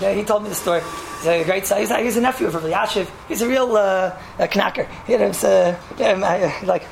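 A man's voice: high voice, vocal fry, a little hiss or hum. A man giving a casual, rambling Torah talk, telling a story and sprinkling his speech with Hebrew and Yiddish terms.

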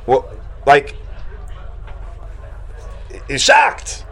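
A man teaching a Talmud class to students, animated, acting out shocked exclamations and talking casually with many fillers. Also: a little high, a little fast.

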